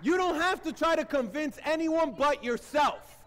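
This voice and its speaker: A man's voice: very high voice, lively intonation, normal speed, a bit bright, some chatter behind. A man preaching a sermon to his congregation, emphatic, with call-and-response and acted-out quotes. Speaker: pastor. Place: church sanctuary. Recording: long church hall reverb.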